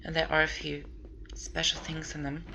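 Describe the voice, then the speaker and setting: Low, gravelly woman narrating gameplay. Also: bright, forceful tone, a little hiss or hum. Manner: rambling, chatty, thinks aloud. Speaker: video game walkthrough player. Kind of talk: casual gameplay commentary.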